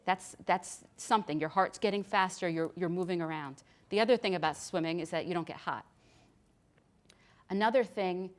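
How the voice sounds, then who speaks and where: A middle-aged woman nurse practitioner giving a chatty, practical health lecture. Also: fairly low pitch. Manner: chatty and practical, with frequent restarts. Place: hospital lecture room.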